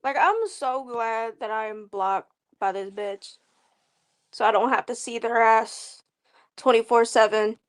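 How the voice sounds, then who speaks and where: A woman vents on a livestream with open contempt, swearing as she goes. Her voice sits high. She mocks and scolds in a blunt, scornful way. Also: unhurried. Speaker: stream guest. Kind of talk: angry livestream rant.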